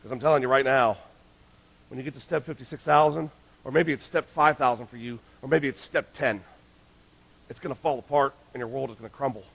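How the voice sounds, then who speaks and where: A male pastor preaching a sermon, emphatic, swinging between loud urgent lines and hushed ones. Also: mid-range voice, a little fast, gravelly.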